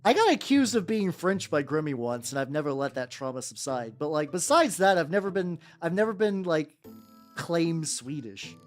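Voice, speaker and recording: A woman's voice: low voice, very animated, moderate pace. A woman streaming while she paints miniatures, chatting casually with viewers in a playful, rambling way with some swearing. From United States. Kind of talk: casual livestream chat. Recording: faint background music.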